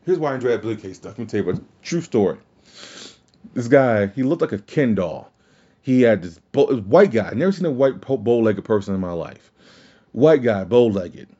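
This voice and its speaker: A man talks through his opinions in a loose, rambling podcast style, often restarting his sentences and swearing now and then. His voice is mellow and dark. The recording sounds dull and lo-fi. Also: medium pitch, lively intonation, fairly quick, husky. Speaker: wrestling podcast host. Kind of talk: casual opinion podcast talk.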